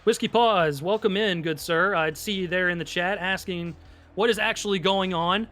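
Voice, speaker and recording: A man calling live play-by-play for a simulated football game, excitable and rising sharply on big plays. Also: high voice, normal speed, faint music behind. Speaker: play-by-play announcer. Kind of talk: live esports football commentary.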